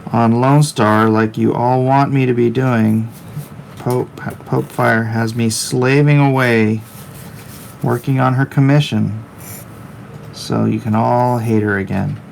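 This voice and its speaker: Drawing on a livestream, this middle-aged comic artist talks slowly in a gravelly, darkish, medium-pitched voice with fairly even intonation. His chat is rambling and jokey, and he reads viewers' messages out loud. There's a bit of background noise.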